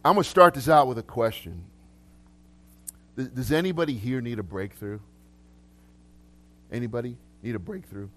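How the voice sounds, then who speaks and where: A man preaching to a live congregation in a relaxed, conversational way. He laughs easily and often restarts sentences. His pitch sits in a middle range for a man. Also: normal speed, pauses often. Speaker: pastor. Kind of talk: casual live sermon with prophetic words. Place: church hall with congregation.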